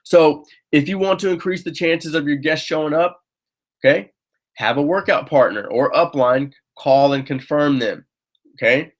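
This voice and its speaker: A man's voice: a little high, normal speed. A man leading a team training session, urging his listeners on, often checking in with "okay?" and restarting his phrases. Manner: coaching, keeps checking in with "okay?"; upbeat and urging. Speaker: sales trainer.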